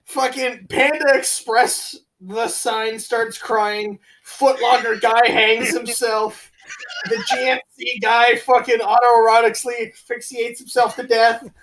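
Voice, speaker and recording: A man's voice: very high voice, level tone, slow, a bit bright, slight background noise, low-quality recording. A young man co-hosting a podcast, retelling a film's plot in a crude, rambling, joking way. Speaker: podcast co-host. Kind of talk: casual comedic film review chat.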